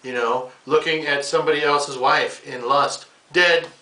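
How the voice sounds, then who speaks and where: A male American comedian hosts an unhurried, casual comedic monologue in a bright, forceful voice on the high side with a steady tone. Rambling and ranting, he uses slang and calls the listener "bro," recorded in an echoey room with the mic far away.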